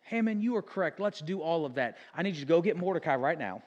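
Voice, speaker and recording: Brief: man doing a slangy, indignant old-world king, higher voice, echoing hall. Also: expressive, fast, a little mellow, highs cut off. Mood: casual. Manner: modern casual slang. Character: angry ancient male king, blunt and casual. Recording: long church hall reverb.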